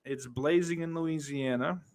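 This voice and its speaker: A man with a slightly high, darkish-toned voice hosts a live podcast stream, reading the live chat at an unhurried pace. He's casual and sardonic, full of profanity and mock threats.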